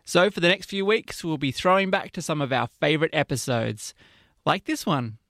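A man's voice: fairly high pitch, lively intonation, moderate pace, a bit bright. A man hosting a comedic sports radio show, playful and self-mocking. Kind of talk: casual comedic radio chat.

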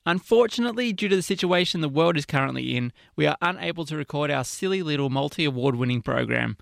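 A man's voice: on the high side, expressive, fast talker, gravelly, dry recording, studio quality. A man hosting a comedic sports radio show, playful and self-mocking. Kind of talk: casual comedic radio chat.

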